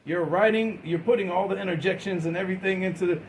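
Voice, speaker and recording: A man's voice: high-pitched, fast talker, a little hiss or hum, rough recording. A man giving a classroom lecture, asking his students questions and waiting for answers, often repeating and restarting words in an informal way. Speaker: teacher.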